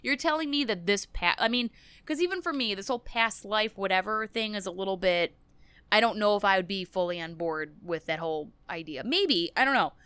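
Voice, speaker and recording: A woman's voice: mid-range voice, expressive, fairly quick, bright, forceful tone, clean tone, dry recording. A woman co-hosting a casual recap podcast, blunt and profane, talking with emphatic opinions. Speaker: podcast co-host.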